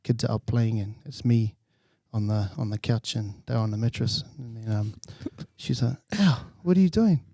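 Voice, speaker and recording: A man's voice: on the low side, level tone, normal speed, vocal fry, few pauses, mellow, dry recording. A New Zealand man in his twenties, co-hosting a podcast and telling a crude story with lots of laughter. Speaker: podcast co-host. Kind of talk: casual banter.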